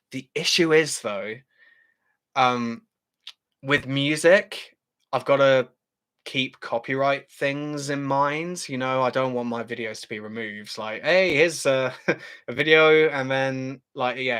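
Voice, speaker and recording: A man's voice: medium pitch, fairly bright tone. A British man hosting a casual livestream, chatting as he reads out viewer comments, with frequent fillers and laughs. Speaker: channel host.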